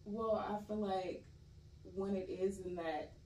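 A young woman from California chats as an interview guest, candid and laid-back, laughing easily. Her voice is mellow and dark, set in a roomy echo a bit off the mic. Faint noise sits underneath. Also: mid-range voice, fairly even intonation, slow pace, far from the mic. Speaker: actress guest. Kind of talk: casual interview chat.

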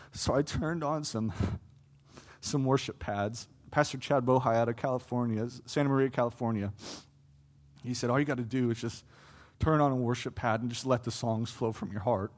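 A man's voice: medium pitch, moderate pace. Earnest young man preaching a sermon. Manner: earnest, building to impassioned pleas with fluctuating loudness. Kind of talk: sermon testimony.

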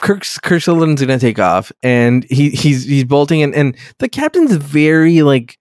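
A man's voice: a little high, very animated, moderate pace, a little mellow, no room sound, studio quality. A man casually retelling a story in a podcast chat, rambling and profane, laughing often.

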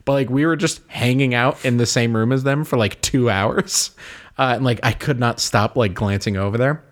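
A man's voice: medium pitch, moderate pace. A young man co-hosting a podcast, telling stories in casual chat, full of "like" fillers. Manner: rambling storyteller, many "like" fillers. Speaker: podcast co-host.

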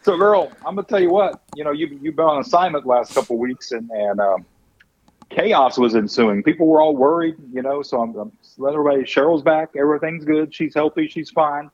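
A man's voice: fairly high pitch, brisk, dull audio. A middle-aged man with a Texan accent, hosting a cooking show with folksy, chuckling banter and jokes. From Texas. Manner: folksy, chuckling, drawling asides. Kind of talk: casual banter and joke telling.

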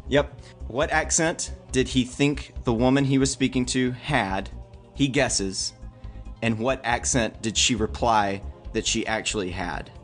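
A man's voice: mid-range voice, measured pace. Podcast co-host, male, patient quizmaster, mid-range voice, faint music under. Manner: careful quizmaster, explains setups patiently. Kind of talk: casual quiz chat.

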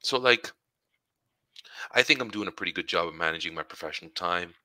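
A man with a low voice that still comes across bright and forceful, spinning a long, rambling story for a podcast. He speaks in a dry, close setting and laughs often between his lines. He sounds like he's in his forties. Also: expressive, a little fast, dry recording. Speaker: podcast co-host. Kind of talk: casual chat.

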